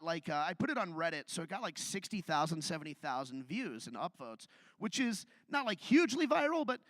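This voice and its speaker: Male stand-up comic, high bright voice, dry close sound, chatty and self-mocking. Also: no room sound. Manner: conversational, self-deprecating storytelling. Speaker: stand-up comedian. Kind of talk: live stand-up set. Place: theatre stage.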